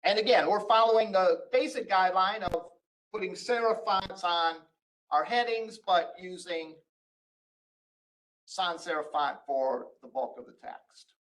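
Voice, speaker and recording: A man with a fairly high voice gives a recorded college lecture. He explains each line of code patiently, pausing on "uh" and restarting his phrases as he goes. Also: a bit bright, low-quality recording. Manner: explains step by step, frequent "uh" and restarts. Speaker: college instructor. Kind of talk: recorded screen-share lecture.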